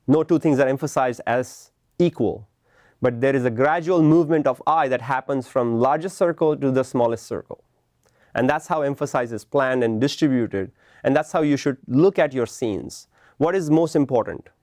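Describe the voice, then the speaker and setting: A man's voice: medium pitch, moderate pace, darkish tone, dry recording, clean studio sound. A man giving a classroom lecture, explaining patiently and checking in with "right?" as he goes. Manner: explanatory, tags points with "right?". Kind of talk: classroom lecture on film composition.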